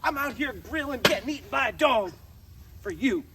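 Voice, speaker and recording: Very high-pitched man ranting outdoors. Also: expressive, normal speed. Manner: exaggerated, mock-outraged ranting. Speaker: show host in an outdoor bit. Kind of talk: comic rant to camera. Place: outdoors at a grill. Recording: distant mic, outdoor noise.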